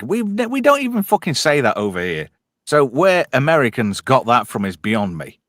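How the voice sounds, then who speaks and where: A blunt man hosting a loose podcast chat, swearing through his rants. His pitch swings up and down, and the sound is close and dry. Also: big pitch swings, moderate pace, fairly bright tone, no room sound. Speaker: host.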